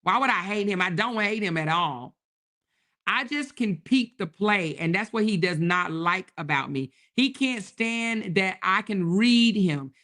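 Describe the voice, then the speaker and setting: Animated woman live-streaming to her chat. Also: medium pitch. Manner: animated, talks straight to her chat with slang and repeated exclamations.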